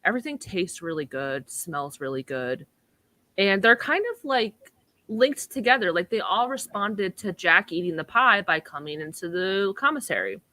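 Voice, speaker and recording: A woman's voice: on the low side, expressive, normal speed, sharp tone, no echo. A woman co-hosting a podcast, recapping a TV episode in a chatty, filler-heavy way. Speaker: podcast co-host. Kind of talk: casual recap chat.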